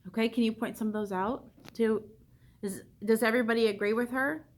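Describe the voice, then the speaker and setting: A woman's voice: on the high side, fairly even intonation, a little fast. A woman art teacher leading a classroom discussion, asking questions and repeating students' answers back to them.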